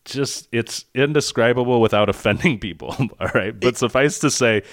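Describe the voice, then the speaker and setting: A man in casual podcast chat, mocking a movie with animated, profane retelling and frequent laughter. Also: mid-range voice, moderate pace, no room sound, clean studio sound.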